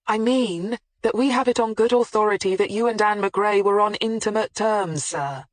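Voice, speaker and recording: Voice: medium pitch, moderate pace, no echo, pitched above the performer's own voice, close to an everyday voice. A composed woman detective who presses a suspect politely and doggedly, with a mild ironic edge, as an audiobook narrator voices her. Her lines sit in a mid register. The audiobook is recorded close and dry. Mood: firm. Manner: politely persistent, mildly ironic. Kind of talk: audiobook character voicing.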